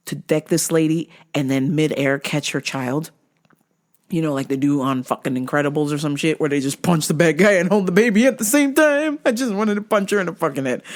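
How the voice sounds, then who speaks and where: A young adult woman hosting a podcast, telling a story casually, swearing and acting out other people's voices. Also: fairly low pitch. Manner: animated, profane, acts out other people's voices. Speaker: podcast host.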